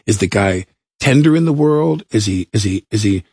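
A man with a husky, low voice talks about acting as a guest on an interview show. He speaks animatedly, doubles back on his words and slips into voices. The sound is dry and close. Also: moderate pace, dry recording. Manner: animated, repeats himself, acts out voices. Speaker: guest actor. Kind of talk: casual interview talk.

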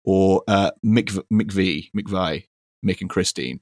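A man's voice: deep voice, takes it slowly, a little mellow, no echo. A man hosting a podcast, chatting casually in a dry, teasing way with lots of fillers. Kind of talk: casual chat.

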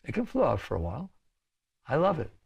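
A man's voice: on the high side, huge pitch swings, brisk, vocal fry, darkish tone, slightly rough, muffled recording. A man teaching a spiritual talk to an audience, conversational, often checking in with "right?" and "okay?" and laughing between points.

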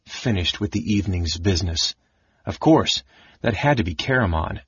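A man reading a fantasy audiobook as narrator, in an even, measured way. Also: low-pitched, slightly rough, no room sound, highs cut off. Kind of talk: scripted narration.

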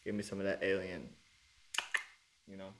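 A man in a casual group chat, joking and telling animated stories. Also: low voice, normal speed.

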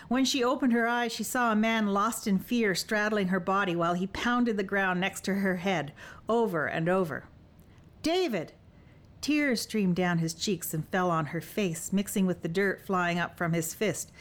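A woman narrating an audiobook in a measured, expressive reading. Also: medium pitch.

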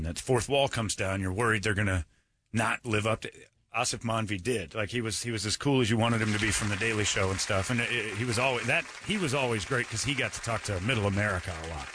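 A man's voice: lowish voice, no room sound. A man hosting a morning radio show, joking and laughing through casual banter. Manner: joking, quick to laugh, lively.

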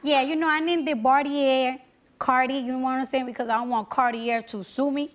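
Young New woman, very high voice, laid-back and slangy, noisy studio. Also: steady tone, a little fast. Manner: casual, slangy, laughing. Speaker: guest. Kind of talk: talk show interview. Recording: background noise.

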